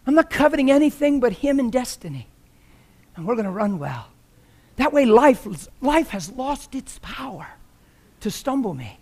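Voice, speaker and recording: Male preacher, very high pitch, impassioned exhorting sermon delivery. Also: big pitch swings, moderate pace. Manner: impassioned, rising to shouts.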